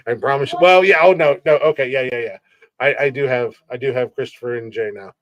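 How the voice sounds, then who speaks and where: A man hosting a podcast talks in a loose, casual way, tripping over his words and often laughing. His voice sits in a middle pitch. The sound is dry and close. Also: brisk, no echo, highs cut off. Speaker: podcast host. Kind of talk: casual chat.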